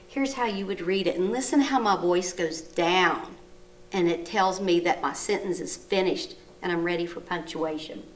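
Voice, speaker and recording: A woman teaching a recorded lesson to young children, gently coaxing and asking them questions, reading sentences aloud with exaggerated rises and falls of her voice. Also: mid-range voice, far from the mic. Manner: slow, exaggerated read-aloud with rising and falling voice.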